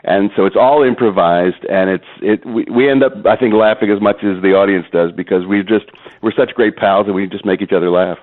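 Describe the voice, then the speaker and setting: A man being interviewed about voice acting and impressions, talking in an animated way and slipping into impressions. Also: fairly low pitch, brisk. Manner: animated, jokes and slips into impressions. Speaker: guest voice actor and impressionist. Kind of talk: phone interview. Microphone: phone. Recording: tinny phone line.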